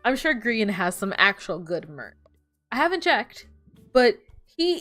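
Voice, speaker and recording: A woman's voice: mid-range voice, sing-song, unhurried, a bit bright. A young woman streaming a game, chatting casually, laughing often and swearing as she tells stories. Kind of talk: casual gameplay chat. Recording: faint background music.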